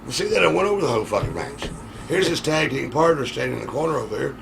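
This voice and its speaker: A middle-aged man, a wrestling veteran telling profane, animated stories in a casual interview. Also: mid-range voice, fast talker, creaky. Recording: noisy background.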